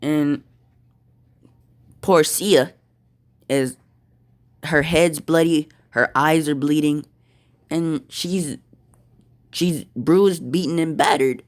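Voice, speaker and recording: A man telling an improvised fan story, slow and halting, with fillers. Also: a little high.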